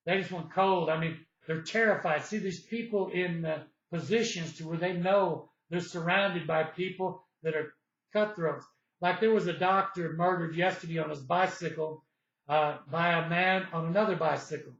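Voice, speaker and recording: A middle-aged man with a high voice tells a personal story, wandering and circling back with filler words. The recording is dull and lo-fi, with a roomy echo around him. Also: normal speed, a bit bright. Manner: meandering, repeats himself with fillers and restarts. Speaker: storyteller recounting personal experiences. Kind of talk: rambling personal monologue.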